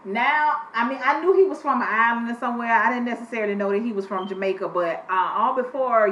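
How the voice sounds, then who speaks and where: A woman giving a blunt, profane, animated casual review of a reality TV episode. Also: on the high side, slight background noise. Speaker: TV show reviewer. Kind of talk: casual chat. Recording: echoey room with faint ambience.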